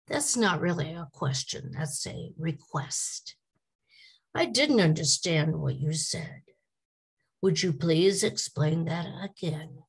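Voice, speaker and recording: A woman giving a teaching lecture to English teachers, speaking deliberately and reading example questions aloud to show how they sound. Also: lowish voice, lively intonation, gravelly, slightly rough. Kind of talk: slide-based teaching lecture.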